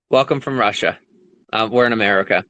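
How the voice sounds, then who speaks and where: A young man ranting to viewers, angry and profane, swinging from low muttering to loud, high outbursts, rambling with restarts. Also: no room sound. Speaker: vlogger. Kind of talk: emotional unscripted rant to viewers.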